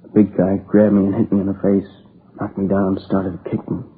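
A grieving young man, worn out and near tears, as an actor plays him, speaks haltingly in a lowish, flat voice. It is a 1950s radio crime drama, heard through a tinny old broadcast with faint hiss. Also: natural voice. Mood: shaken. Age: young adult. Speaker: robbery and murder witness.

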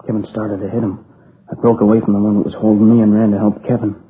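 An actor playing a shaken, exhausted young man who talks in halting restarts, near tears, in a 1950s radio crime drama. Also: fairly low pitch, little pitch movement, natural voice. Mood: grief-stricken. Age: young adult. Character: shaken young man, grieving survivor of a robbery. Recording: tinny lo-fi old broadcast with hiss.

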